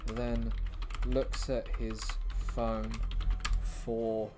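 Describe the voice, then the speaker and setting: A man's voice: mid-range voice, monotone, very slow, noisy background. A man comedian writing a script live on stream, musing and thinking aloud with his viewers, often trailing off mid-thought.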